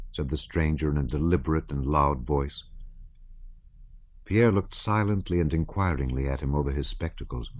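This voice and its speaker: A man narrating an audiobook in a measured, even reading style. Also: very deep voice, no room sound, lo-fi sound.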